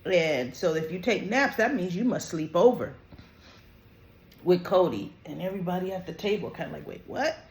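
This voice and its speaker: A host giving an animated, opinionated casual review of a soap opera episode, with frequent "you know" and "right?" asides. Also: mid-range voice, normal speed, roomy sound. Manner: animated, opinionated, quotes characters in lively voices.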